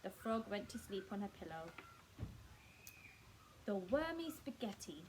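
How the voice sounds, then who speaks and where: A woman reading a children's book aloud in a staff room, expressive and speaking directly to her young listeners. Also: mid-range voice, measured pace, background noise. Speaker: storyteller.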